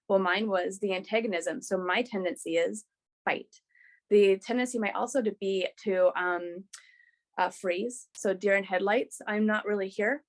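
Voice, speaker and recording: A woman guest on a podcast, sharing a personal story in a candid, animated way with frequent restarts. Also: mid-range voice.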